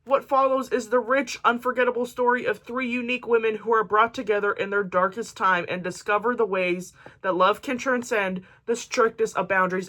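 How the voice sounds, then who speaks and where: Bright-voiced joking woman book vlogger. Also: on the high side. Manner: jokey, chatty asides while reading synopses aloud. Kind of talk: casual chat to camera.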